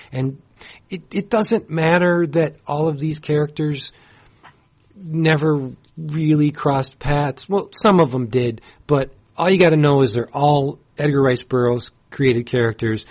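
A man's voice: medium pitch, darkish tone. Gushing man reviewing comics. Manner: enthusiastic, gushing, rambling with fillers. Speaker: podcast co-host. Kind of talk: casual comics review chat.

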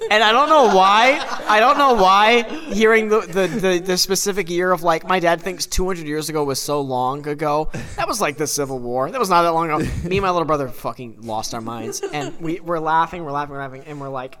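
A young man tells a funny story in a bright, somewhat high voice. He swears freely and acts out the voices of the people in it. His delivery is animated and casual, like a co-host on a podcast. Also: brisk, hardly any pauses. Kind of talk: comedic storytelling.

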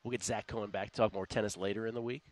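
A man's voice: on the low side, fairly even intonation, very fast, no echo, soft background music. A man hosting a sports betting radio show, chatting casually and laughing often. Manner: chatty, laughs often, reads listener tweets aloud.

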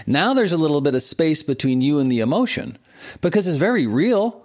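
A man in his forties, a guest on an interview show, teaching with lively examples and frequent laughter. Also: fairly high pitch, a little fast. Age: 40s. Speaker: martial arts and meditation teacher, guest. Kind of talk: explanatory interview talk.

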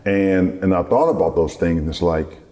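A middle-aged former basketball player, interviewed as a guest, tells a long story in a relaxed, rambling way and acts out what others said to him. His voice is low and moderately paced, with a crowd in the background.

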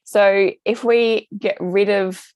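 A woman's voice: mid-range voice, steady tone, slow pace, darkish tone, dry recording. A woman, a gut health practitioner explaining things in a chatty interview with lots of fillers. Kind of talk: casual interview answers.

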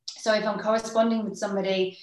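A woman's voice: medium pitch, little pitch movement. English woman, podcast co-host, reflective chat, roomy echoey sound. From England. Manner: reflective, explains in quick bursts. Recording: roomy echo.

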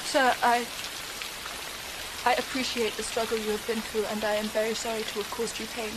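A woman's voice: fairly high pitch, little pitch movement, noisy background, lightly acted. An actress playing a composed young woman politely refusing a suitor in a period film drama. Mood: cool refusal. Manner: formal, measured and polite. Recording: film clip with loud rain.

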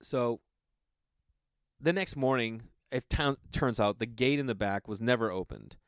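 A man's voice: mid-range voice, measured pace, clean tone, dry recording, clean studio sound. Profane, storytelling man podcast host. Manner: loose, profane, animated storytelling with acted-out quotes. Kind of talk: casual storytelling monologue.

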